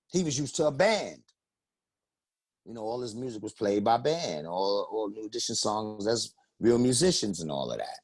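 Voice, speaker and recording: A man's voice: medium pitch, no echo. A man, telling stories casually in an interview and acting out quotes. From the Bronx, New York. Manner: animated storyteller, acts out quotes in raised voices. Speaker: interview guest, rapper and singer. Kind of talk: casual storytelling.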